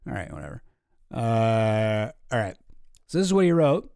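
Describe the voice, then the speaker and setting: Animated sarcastic male streamer. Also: lowish voice, moderate pace, gravelly, clean tone, no room sound, studio quality. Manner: sarcastic, swearing, animated asides. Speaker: streamer host. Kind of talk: casual commentary reading news posts.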